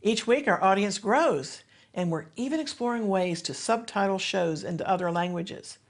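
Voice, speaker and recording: A woman's voice: mid-range voice, normal speed. A woman hosting a Christian television ministry, giving an earnest devotional teaching and appeal to viewers. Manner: earnest, exhorting, with emphatic rises.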